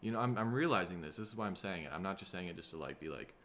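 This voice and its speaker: Expressive and very fast, with a fairly bright tone, the Minnesota podcast host delivers a loose solo monologue in his somewhat low voice. Tired and rough-throated, he rambles in a laid-back way full of profanity, and faint noise sits under the voice.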